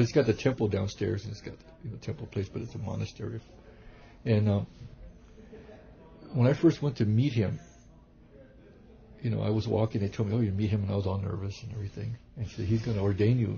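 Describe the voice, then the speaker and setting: A man, a kung fu teacher and reverend, telling rambling, animated stories in a casual interview, with many restarts. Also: on the low side, quick pace, creaky. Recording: dull lo-fi recording.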